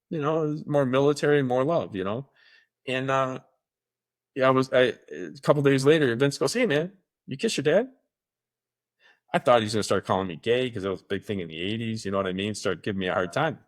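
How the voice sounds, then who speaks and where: With a medium pitch and lively intonation, the middle-aged podcast co-host talks fairly quickly. In easygoing conversation he rambles through stories and puts on voices for the people he quotes.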